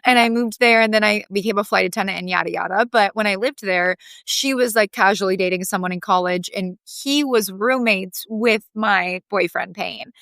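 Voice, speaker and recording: A young woman guest on a podcast, telling a personal story in a heartfelt, animated way with lots of "like". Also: medium pitch, moderate pace, few pauses, dry recording.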